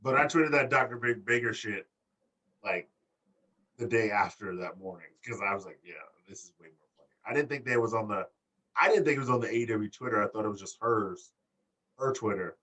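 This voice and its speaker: A man's voice: lowish voice, brisk, bright, forceful tone, distant mic. A man co-hosting a wrestling podcast, talking crudely and jokingly, often repeating himself. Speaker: podcast co-host. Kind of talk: casual chat.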